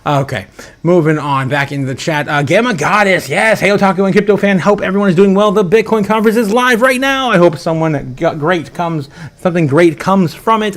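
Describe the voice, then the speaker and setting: A man hosting a casual livestream, chatting and reading out viewer comments with frequent chuckles and restarts. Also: on the high side. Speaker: livestream host.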